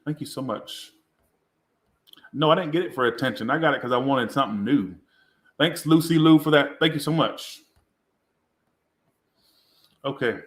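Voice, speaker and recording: A tipsy man reads tarot live in a rambling, crude, self-mocking way. His voice sits at an ordinary middle pitch. The sound carries a noticeable room echo. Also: moderate pace, pauses often, a bit bright. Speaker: tarot reader. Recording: roomy echo.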